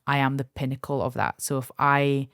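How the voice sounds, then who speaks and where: A woman's voice: a bass voice, little pitch movement, normal speed, a bit bright, clear, resonant tone, no room sound, clean studio sound. A woman, guest on a podcast, telling personal stories candidly and acting out the voices of others. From Kurdistan, north of Iraq. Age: 30s. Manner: candid, emotional storytelling with acted-out quotes. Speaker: guest, aesthetics doctor. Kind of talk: podcast interview.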